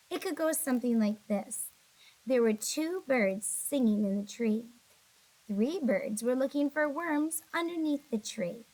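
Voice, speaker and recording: Poor audio captures a woman with a slightly high voice teaching young children by video. Speaking straight to the kids, she stays patient and encouraging despite seeming a bit sleepy and yawning.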